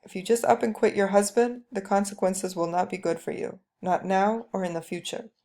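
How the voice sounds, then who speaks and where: A stern, traditional mother lays down the rules in a firm, lecturing tone, voiced by a woman reading a story aloud. The voice is low in brightness and carries a gravelly edge. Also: fairly even intonation, normal speed, natural voice.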